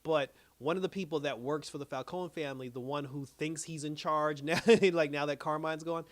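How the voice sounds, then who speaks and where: A man's voice: on the high side, fairly even intonation, fairly quick, no room sound. A man giving a casual, rambling plot recap as a TV reviewer, full of fillers and restarts. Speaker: TV series reviewer.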